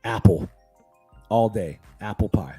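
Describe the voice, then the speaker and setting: A man's voice: lowish voice, slow pace, mellow, breathy edge, soft background music. A middle-aged man chatting as a podcast guest in a laid-back, joking way, full of slang. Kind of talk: casual chat.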